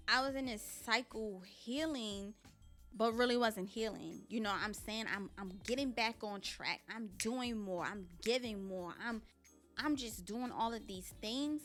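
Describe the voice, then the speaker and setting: Candid woman podcast host, bright voice. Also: fairly high pitch. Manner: candid, preachy, talks straight to listeners. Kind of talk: casual motivational monologue.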